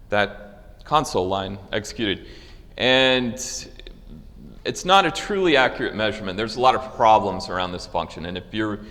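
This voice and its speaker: Low-voiced man giving a casual tech talk. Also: a bit bright, big-room sound. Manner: casual, loose, with many fillers and restarts. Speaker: conference speaker. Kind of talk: technical conference talk with live demo. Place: conference hall.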